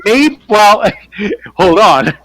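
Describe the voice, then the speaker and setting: High-voiced man telling lively stories. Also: extremely slow, dry recording, low-quality recording. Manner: animated storyteller who acts out quoted voices; swears freely. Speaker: artist on a team panel show. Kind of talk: casual storytelling chat.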